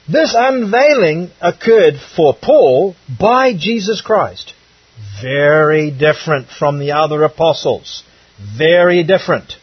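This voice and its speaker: Animated husky-voiced male preacher. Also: on the high side, slow, no echo, far from the mic, muffled recording. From outside the United States. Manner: animated, rhetorical questions, emphatic. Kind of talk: sermon on a Bible passage.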